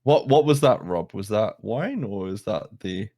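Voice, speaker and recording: A man's voice: fairly low pitch, animated, measured pace, mellow, no room sound, studio quality. A man hosting a casual podcast, leading the chat and laughing often. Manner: jokey, laughs often, leads the talk. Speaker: podcast host.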